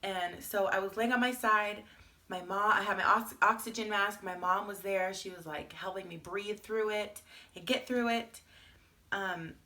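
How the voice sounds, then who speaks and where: A woman's voice: medium pitch, pushed and bright. A young woman vlogger telling her story in a chatty, candid way, full of "like" fillers. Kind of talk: casual storytime vlog.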